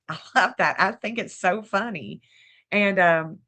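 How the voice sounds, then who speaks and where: A middle-aged Southern woman hosts a true-crime astrology livestream online, speaking in a medium-pitched, unhurried voice with a sharp edge. She chats casually and rambles, repeating herself, restarting sentences often, and dropping small laughs along the way.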